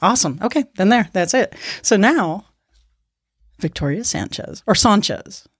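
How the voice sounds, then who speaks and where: A woman's voice: mid-range voice, animated, moderate pace, slightly rough, no room sound, clean studio sound. A woman hosting a podcast, chatting casually and laughing often. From Miami. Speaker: podcast host. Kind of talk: casual interview chat.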